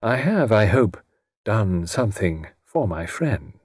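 A man voicing a mysterious gentleman who speaks in a calm, measured, quietly knowing way. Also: on the low side, slightly rough, dry recording, studio quality, exaggerated voice.

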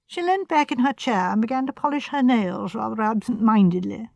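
A woman narrates in a measured, clear audiobook style with a fairly high voice. The recording is close and dry. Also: a little mellow, no room sound. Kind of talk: scripted narration.

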